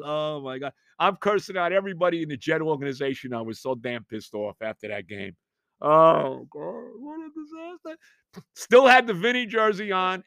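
A man's voice: medium pitch, fairly bright tone, no room sound, clean studio sound. A man in his fifties, a podcast host, telling rambling, exasperated stories in a casual monologue. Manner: rambling, exasperated, self-mocking.

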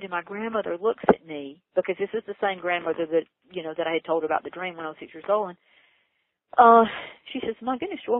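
Earnest woman telling her story over a tinny phone line. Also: dry recording. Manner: earnest, emphatic, voice rising high with excitement. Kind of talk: personal storytelling interview.

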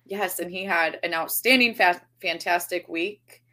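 A woman's voice: lowish voice, unhurried, bright, forceful tone. A woman co-hosting a podcast over a video call, rambling cheerfully and laughing at herself. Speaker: podcast co-host. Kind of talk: casual chat.

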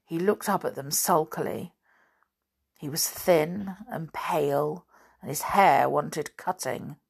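A woman reading a children's adventure book aloud in a measured storytelling manner. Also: sits low, gravelly, slightly rough. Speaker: reader.

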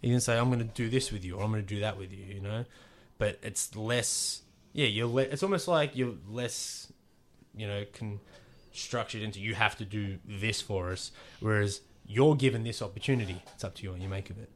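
A man's voice: fairly low pitch, a little fast, a little hiss or hum. A young man with an Australian accent, a guest wrestler chatting casually on a podcast. He rambles, swears freely and acts out quoted dialogue.

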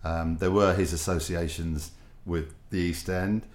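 A man's voice: deep voice, fairly even intonation, unhurried. An older man, a guest telling wry, self-deprecating stories with rambling asides. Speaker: guest, former football broadcaster. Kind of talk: anecdotal storytelling.

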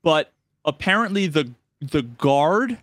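A man co-hosting a casual gaming podcast, telling a story with lively shifts and acting out game characters' lines. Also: a little high, slow pace, no echo. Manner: animated storyteller, acts out game dialogue in raised voices. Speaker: podcast co-host.

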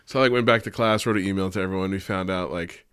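A low-voiced man chatting on a casual podcast, telling his stories with lively swings in energy and acting out what people said. The sound is dry and close, with no room echo. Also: quick pace, clean tone. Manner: animated storytelling, acts out quoted dialogue. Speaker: podcast co-host. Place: Reno.

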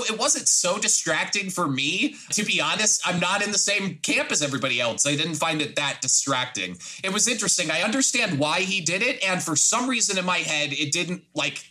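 A man with a high, bright and very lively voice rambles nerdily about film technique on a casual podcast. He stumbles and restarts sentences as he goes. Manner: nerdy, rambling, restarts a lot. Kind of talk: casual film review chat.

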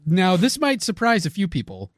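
A man's voice: sits high, wildly swooping pitch, normal speed, no echo, clean studio sound. A man co-hosting a podcast in casual chat, teasing the others, giggling and mimicking their lines. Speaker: podcast co-host.

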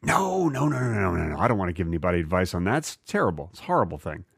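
A man co-hosting a comedy podcast, riffing in a deadpan, absurd, playful way. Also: deep voice, very fast, creaky, slightly rough, no room sound, clean studio sound. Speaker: podcast co-host. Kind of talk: improvised comedy banter.

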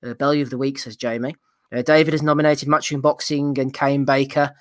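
A man hosting a casual podcast, reading out listener nominations with a jokey, quick manner and frequent laughter. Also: medium pitch, little pitch movement, a bit bright, no echo, studio quality. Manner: jokey, laughs often, quick read-outs.

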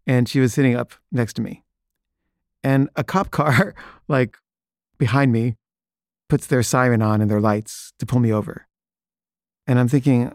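A man's voice: mid-range voice, fairly even intonation, measured pace, long pauses, a little mellow, no room sound, clean studio sound. A man casually telling a personal anecdote, rambling with many fillers and chuckles.

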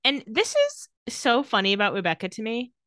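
A woman's voice: on the high side, huge pitch swings, a little fast, fairly bright tone, no room sound, clean studio sound. A woman co-hosting a podcast, recapping episodes in casual chat and acting out lines with jokes. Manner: recaps scenes, acts out quotes with jokes. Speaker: podcast co-host.

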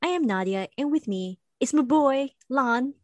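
A woman's voice: high-pitched, expressive, measured pace, no echo. A woman hosting a casual podcast, chatty and playful, laughing easily. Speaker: podcast host.

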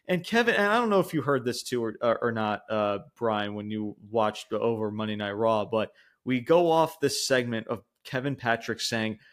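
A man co-hosting a casual wrestling podcast, rambling and swearing, laughing often and pushing his voice up high when he gets worked up. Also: normal speed, a bit bright. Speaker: podcast co-host.

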